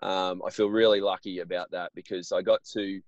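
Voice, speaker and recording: A man's voice: deep voice, flat delivery, a little fast, no room sound. A man around forty, a basketball coach, speaking as an interview guest in a friendly way with easy laughter. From Australia. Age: 40s. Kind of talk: interview conversation. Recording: dry, muffled remote line.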